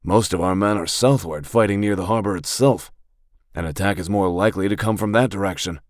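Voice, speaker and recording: A man voicing a dignified male guard commander who speaks in a formal, measured way. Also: low voice, dry recording, clean studio sound, natural voice.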